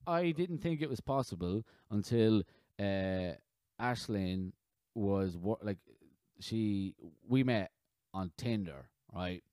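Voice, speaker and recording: A man in his thirties hosting a podcast in casual chat, rambling and halting with frequent restarts. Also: on the low side, animated, a little mellow, clear, resonant tone, no echo. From Ireland. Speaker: podcast host.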